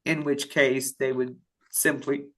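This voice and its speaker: A woman's voice: very deep voice, little pitch movement, slow pace, a bit bright. A woman from a payroll office is presenting in a webinar for staff. She reads out attendee questions and answers them at length, thinking aloud with frequent fillers and restarts. She also has the hiccups.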